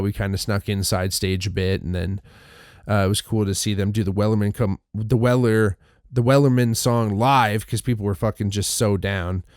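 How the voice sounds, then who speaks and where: Male podcast host, low voice, smooth and dry close-mic sound; loose, rambling recap full of restarts and casual swearing. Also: no room sound.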